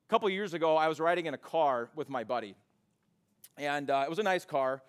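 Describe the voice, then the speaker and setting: A man preaching a sermon in a church, mixing scripture with casual storytelling and animated retellings. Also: on the high side, a little fast, clear, resonant tone. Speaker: pastor. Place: church sanctuary.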